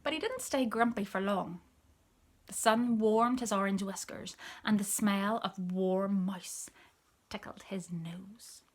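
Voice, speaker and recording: A woman reading a picture book aloud, telling the story softly, often in a whisper, and pointing out the pictures. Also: mid-range voice, slow. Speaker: storybook reader.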